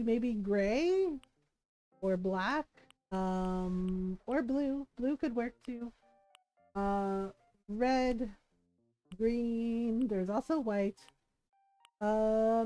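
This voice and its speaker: A woman streamer with a slightly high voice talks at an unhurried pace, musing over choices as she plays. She giggles often and fills pauses with ums and likes, with faint music playing behind her. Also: mellow. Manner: chatty, giggly, thinks aloud with many fillers. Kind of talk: casual gameplay commentary.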